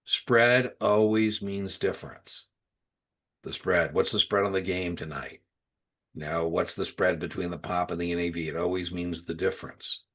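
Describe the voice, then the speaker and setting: A man's voice: deep voice, fairly even intonation, moderate pace. A man tutoring students for a securities exam, mixing explanations with casual anecdotes and dropping his voice for asides. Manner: storytelling, conversational, drops to quiet asides.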